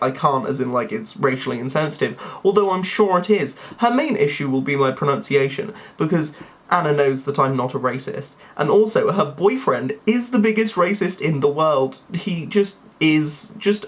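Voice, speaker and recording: A man's voice: fairly high pitch, a bit bright. A young man talking to camera in a rambling, tangent-prone monologue. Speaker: YouTuber.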